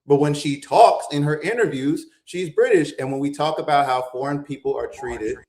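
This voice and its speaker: A man's voice: fairly high pitch, normal speed, a little mellow. Insistent man debating in an echoey room. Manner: insistent, argumentative, rising to emphatic peaks. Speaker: morning show co-host. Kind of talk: heated debate on a talk show.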